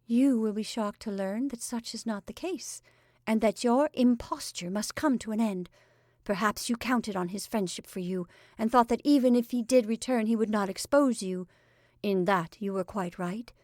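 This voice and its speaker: A woman's voice: on the high side, normal speed, darkish tone, no echo, studio quality, close to an everyday voice. A woman voicing an earnest young woman who speaks in a reproachful tone. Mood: stern. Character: earnest young woman, the actor's friend's fiancée.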